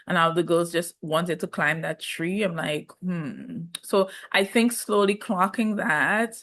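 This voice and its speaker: A woman's voice: fairly low pitch, fairly bright tone. A woman giving a chatty, gossipy recap of a reality show in casual talk, often laughing. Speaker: reality TV reviewer.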